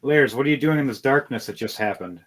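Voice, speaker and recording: A man's voice: mid-range voice, quick pace, a bit bright. A man narrating as dungeon master, loose and rambling, with fillers and the odd curse. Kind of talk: narrating a tabletop game.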